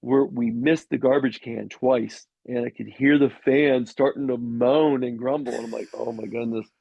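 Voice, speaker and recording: A middle-aged man with a gravelly edge tells loose, rambling stories as a podcast guest, stopping and restarting his sentences. The sound is dry and a bit dull, as if recorded close in a small treated space. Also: medium pitch, steady tone, moderate pace, warm tone, no echo. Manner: rambling anecdotes with many restarts and fillers. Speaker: former pro quarterback, podcast guest. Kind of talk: casual storytelling interview.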